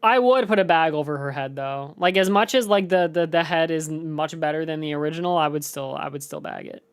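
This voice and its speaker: A woman streamer chats loosely with her viewers as she plays, often laughing. Her voice sits low for a woman. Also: fairly quick, clean tone. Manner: casual, laughs often, talks to chat. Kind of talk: gaming stream chat.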